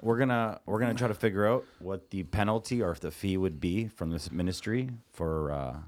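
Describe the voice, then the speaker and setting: A man's voice: sits low, brisk, a little mellow. A man co-hosting a podcast in casual chat, joking around and laughing along with the others. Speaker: podcast co-host.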